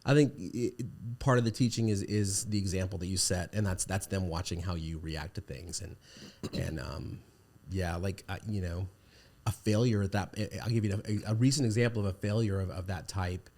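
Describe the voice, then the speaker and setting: A man's voice: low-pitched, moderate pace, a little mellow. A man in his forties, a podcast guest, telling stories in a rambling, easygoing way with many restarts. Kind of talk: casual conversation.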